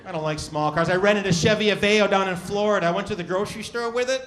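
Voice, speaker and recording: A man doing stand-up comedy, loudly riffing with the crowd and swearing freely. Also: high-pitched, fast. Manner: loud, profane, riffing with the audience. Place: comedy club stage. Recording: club audience laughing loudly.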